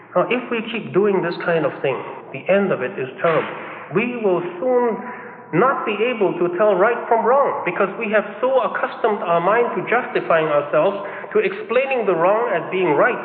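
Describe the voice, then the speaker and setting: Animated preacher man in an echoey hall. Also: high-pitched, slight background noise. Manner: animated, acts out quoted excuses in raised voice. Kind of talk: sermon. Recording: echoey hall over a tinny lo-fi line.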